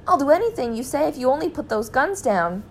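A woman's voice: a little high, moderate pace, slight background noise, lightly acted. A woman reading aloud, voicing a frightened middle-aged man who begs and promises eagerly. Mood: pleading. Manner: pleading, eager.

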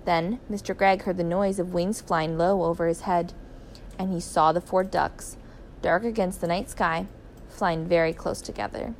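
A woman narrating a children's story in a clear, even, expressive reading voice. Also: on the low side, moderate pace, slight background noise. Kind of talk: children's story read aloud.

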